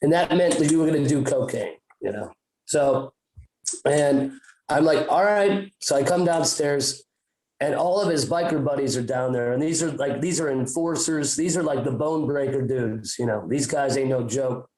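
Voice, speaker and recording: A man's voice: medium pitch, normal speed, darkish tone, echoey room, rough recording. A man telling a story on a podcast in a casual, profane, rambling way with many restarts. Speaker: podcast co-host.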